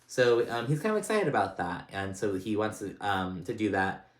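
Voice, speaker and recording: Low-voiced man rambling through a recap. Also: moderate pace. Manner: chatty, rambling with many fillers and restarts; animated when retelling funny scenes. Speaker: reality TV recap host. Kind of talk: casual episode recap. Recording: roomy echoey room.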